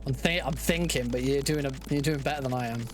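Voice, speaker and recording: A young man talking through his own game speedrun live, chatty and quick to laugh, thinking aloud as he plays. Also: mid-range voice, music in the background. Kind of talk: live gameplay commentary.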